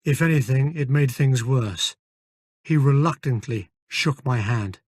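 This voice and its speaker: A man narrating a story in the first person, measured and even. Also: medium pitch, husky, no echo. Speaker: audiobook narrator. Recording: dry close studio recording.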